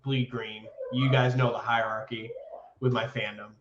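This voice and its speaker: A man co-hosting a podcast, telling sports stories in a casual, excitable way and swearing freely. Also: medium pitch, moderate pace, roomy sound, dull audio, background noise. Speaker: podcast co-host.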